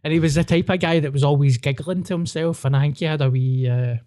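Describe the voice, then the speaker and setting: Glasgow guy rambling and swearing on a podcast, mellow low-key voice, dry close mic. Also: fairly even intonation, quick pace, no echo. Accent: Scottish, Glasgow. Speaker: podcast host. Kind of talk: casual chat.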